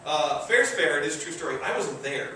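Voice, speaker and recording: A man from Michigan tells a true story on stage, casual and chuckling, with plenty of fillers. His voice sits a touch high for a man. It comes from some way off the mic and rings around a very echoey room. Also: lively intonation, a little fast, bright, forceful tone, far from the mic, a little hiss or hum. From Michigan, USA. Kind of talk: live comedic storytelling.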